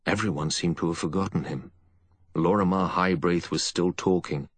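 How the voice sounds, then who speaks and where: A man reading a novel aloud as narrator in a steady storytelling voice. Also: low-pitched, normal speed, slightly rough, no echo. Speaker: audiobook narrator. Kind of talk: scripted narration.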